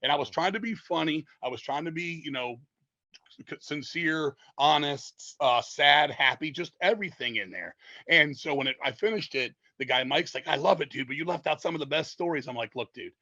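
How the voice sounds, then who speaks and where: A man's voice: on the high side, animated, normal speed, bright, forceful tone, no room sound, poor audio. A man on a podcast telling long, profane, rambling stories in a casual way. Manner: profane, rambling, lots of swearing. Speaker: podcast guest, metal singer. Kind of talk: casual storytelling.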